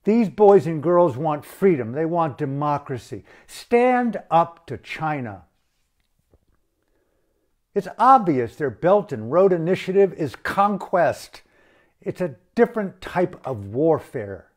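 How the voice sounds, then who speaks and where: A man's voice: on the high side, big pitch swings, takes it slowly. A man delivering an impassioned, blunt and profane rant as an activist.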